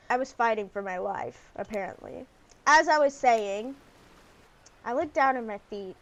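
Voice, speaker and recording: A woman's voice: medium pitch, slight background noise, low-quality recording. A woman streaming a dating sim, chatting playfully and reading the story text aloud with a lot of giggling. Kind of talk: casual gaming commentary, reading game text aloud.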